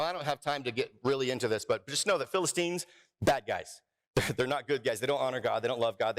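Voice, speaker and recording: A man preaching a sermon as pastor, playful and jokey, with lively asides and crowd work with his congregation. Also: mid-range voice. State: out of breath. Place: church sanctuary.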